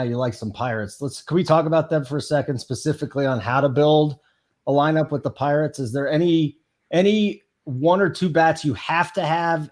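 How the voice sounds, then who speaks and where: A man's voice: mid-range voice, a little mellow. A man hosting a live sports picks show, brash and teasing, pushing his co-hosts along and reading viewer questions. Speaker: host.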